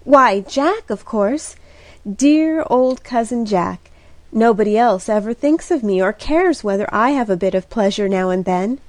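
A woman's voice: a little high, animated, measured pace, no room sound. A woman voicing an eager, impulsive young woman in an audiobook reading, speaking in a breathless, gushing and emphatic way. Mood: excited.

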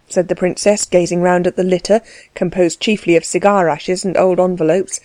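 A woman narrates a classic novel in a measured, unhurried way. Her voice is mellow and soft-edged, recorded close and dry. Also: on the low side, little pitch movement, dry recording. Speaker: audiobook reader. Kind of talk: scripted narration.

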